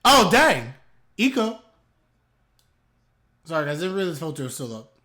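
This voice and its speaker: A man's voice: on the high side, very animated, normal speed, pushed and bright. A young man doing live anime reaction commentary, reacting aloud in bursts with slang, laughter and teasing.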